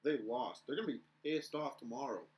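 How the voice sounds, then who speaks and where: A young man co-hosting a casual podcast chat, telling stories in an animated way and acting out the shouting. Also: mid-range voice, brisk. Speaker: podcast co-host.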